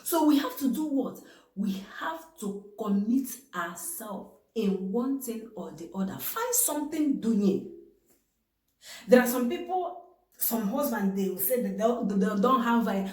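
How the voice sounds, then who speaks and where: A woman with a Nigerian English accent lectures her viewers on marriage, slow and weighty, often asking herself "what?" before answering. Her pitch swings widely between low asides and sharp exclaimed peaks. The room around her rings with echo. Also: animated. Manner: emphatic, rhetorical questions, sudden exclamations. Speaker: vlogger giving marriage advice. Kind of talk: preachy advice talk to camera.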